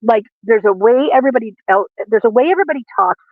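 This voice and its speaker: A man's voice: extremely high pitch, lively intonation, fast talker, no room sound. A man in casual chat as a livestream guest, talking earnestly in a rambling, self-correcting way. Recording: tinny dry call audio.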